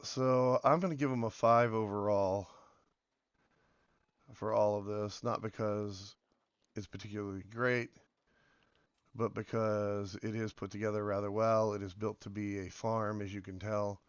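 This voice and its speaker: A man with a hoarse voice from being sick, rambling casually as he comments on a game and drifts between topics. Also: fairly low pitch, steady tone, measured pace, dry recording, highs cut off. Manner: rambling, meandering, many fillers. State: hoarse from illness. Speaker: game video host.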